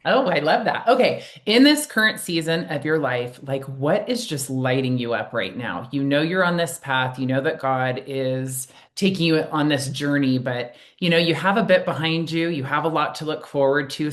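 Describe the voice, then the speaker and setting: A woman on a podcast panel asks the guest questions in a casual way. She sounds enthusiastic and encouraging. Her voice is low for a woman. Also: normal speed, few pauses.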